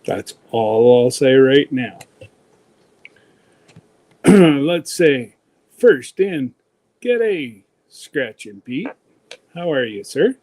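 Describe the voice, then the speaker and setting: A man's voice: medium pitch, expressive, very slow, pauses often, darkish tone. A man hosting a casual livestream, chatty and folksy, greeting viewers one by one. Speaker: livestream host.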